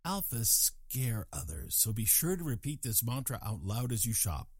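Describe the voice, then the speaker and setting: A man's voice: mid-range voice, sing-song, moderate pace, breathy edge, no room sound. Dry-voiced older man with a wry comic monologue. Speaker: comedic host.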